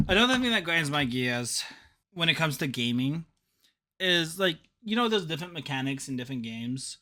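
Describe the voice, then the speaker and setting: A man's voice: fairly high pitch, big pitch swings, moderate pace, bright, forceful tone. A young man co-hosting a casual gaming podcast, ranting jokingly and laughing often. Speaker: podcast co-host.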